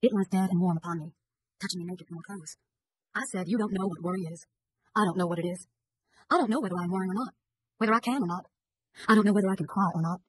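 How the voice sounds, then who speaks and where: A woman narrates a novel as an audiobook, racing through the first-person prose at a hurried clip. Her voice is breathy and husky and sits fairly low, and the recording is dry and close. She slips into a rural dialect for the characters' lines. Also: no room sound, poor audio. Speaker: audiobook reader.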